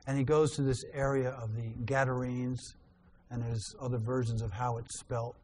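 A man's voice: mid-range voice, normal speed, a little hiss or hum. A man preaching a sermon, reading scripture aloud and explaining it, his voice rising on quoted lines. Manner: animated reader, rising loud on quoted lines.

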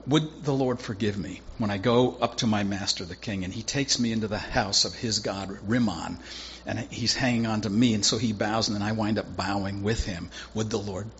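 A man's voice: fairly low pitch, moderate pace, highs cut off, a little hiss or hum, lightly acted. Naaman, a preacher doing a blunt army commander. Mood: pleading. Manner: casual, exasperated retelling in modern slang. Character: Naaman, proud foreign military commander, blunt.

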